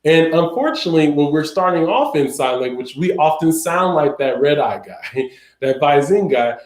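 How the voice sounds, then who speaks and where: A man's voice: fairly high pitch, lively intonation, moderate pace, a little mellow. A man teaching a sign language class, explaining in a conversational way with everyday examples. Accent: Southern American. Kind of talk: recorded class lecture. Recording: echoey room.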